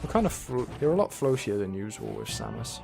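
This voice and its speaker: A man's voice: on the low side, huge pitch swings, a little fast, vocal fry. Wry man rambling over gameplay. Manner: rambling, wry, talks to himself and the game. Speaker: game streamer. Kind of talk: casual gameplay commentary. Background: faint game music.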